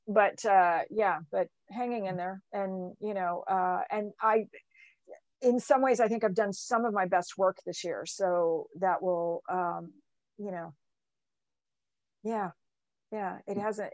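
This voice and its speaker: A woman author on a video call, talking in a relaxed, chatty way and reading out audience questions. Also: mid-range voice, slow, no echo. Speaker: author and event co-host. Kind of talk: casual chat.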